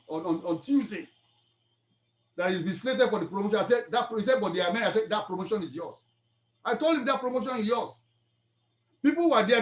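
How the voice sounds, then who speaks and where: A man with a Nigerian accent, a pastor preaching a sermon, telling a story and then exhorting the congregation. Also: sits high. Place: church hall. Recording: echoey church hall.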